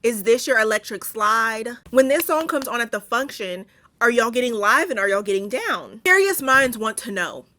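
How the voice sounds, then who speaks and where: Sassy, bright-voiced young woman recapping a movie. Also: a little high, expressive, normal speed. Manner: sassy, profane, joking asides. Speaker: YouTuber. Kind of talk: casual movie recap commentary.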